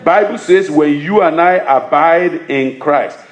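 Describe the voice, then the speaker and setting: A man's voice: fairly high pitch, a little slow, reverberant. A man preaching a sermon as pastor, reading scripture and asking his congregation questions he answers himself.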